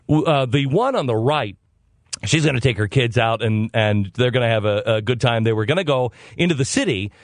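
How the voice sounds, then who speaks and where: Male talk host, comic monologue; sarcastic, exasperated, lively pitch. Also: fairly quick, dry recording, clean studio sound. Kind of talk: comedic storytelling monologue.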